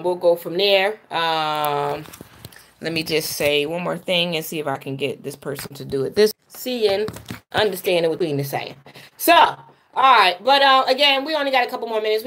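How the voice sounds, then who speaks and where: A woman's voice: lowish voice, slight background noise. Chatty woman hosting a livestream. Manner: chatty, talks straight to viewers, often repeats words. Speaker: livestream host and poet. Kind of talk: casual livestream chat with viewers.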